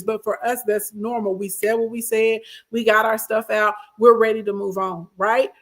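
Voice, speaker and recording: Speaking at a normal speed in a slightly high, fairly bright voice, a woman hosts an informal advice stream. She reads viewer comments aloud and answers them forcefully, circling back over her points and checking in frequently.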